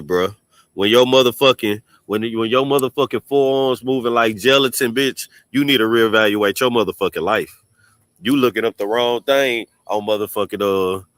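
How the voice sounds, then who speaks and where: A man talks casually to his livestream audience, rambling and swearing freely, greeting viewers by name. His voice is bright and forceful. The sound is dry and close, with no room echo. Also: medium pitch. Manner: rambling and profane, repeats "y'all", greets chat. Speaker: livestream host.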